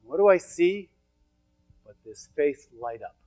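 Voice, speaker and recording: A man's voice: fairly high pitch, expressive, measured pace, a little mellow, soft background music. A middle-aged man giving a motivational seminar talk to an audience, telling stories with emphatic, repetitive phrasing. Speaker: motivational speaker. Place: event hall with an audience.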